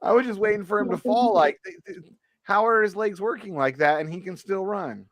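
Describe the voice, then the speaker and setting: High-voiced rambling male podcast host. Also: fairly quick. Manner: rambling storyteller, animated, doing voices. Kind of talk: casual chat. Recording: faint background music.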